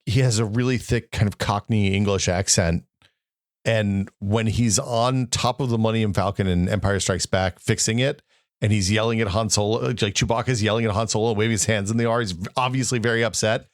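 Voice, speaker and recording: Animated male podcast host, dry sound. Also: on the low side, brisk, dry recording. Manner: animated, laughing, anecdotal. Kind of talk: casual tech podcast chat.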